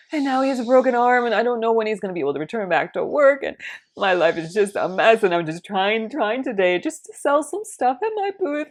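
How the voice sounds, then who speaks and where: A frazzled woman at her market booth pours out her troubles, her voice pitched up high and tumbling out fast. A woman acts her out, pleading and rushed as she talks. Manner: pleading, rushed and tearful-sounding.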